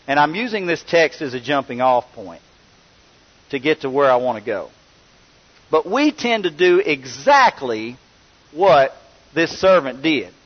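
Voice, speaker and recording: Man preaching in a reverberant hall. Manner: storytelling, voicing characters with rising pitch. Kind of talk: sermon. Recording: long reverb, dull lo-fi sound.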